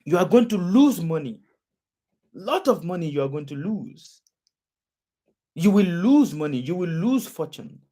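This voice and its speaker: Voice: mid-range voice, sing-song, a little slow, pauses often, mellow. A preacher delivering a sermon, repeating phrases and asking the audience questions again and again.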